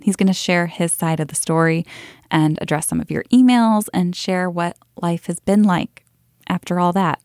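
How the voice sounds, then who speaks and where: A woman's voice: fairly low pitch, normal speed, a little mellow, no room sound, studio quality. A woman hosting a podcast interview, talking in a candid, reflective way. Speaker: podcast host.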